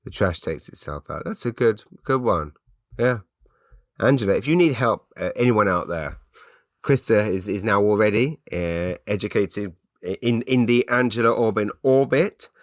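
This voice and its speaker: A man's voice: on the low side, lively intonation, normal speed, no echo, studio quality. A man hosting a casual podcast, chatting in stop-start bursts while he reads out listener comments and answers their questions. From England. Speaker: podcast host.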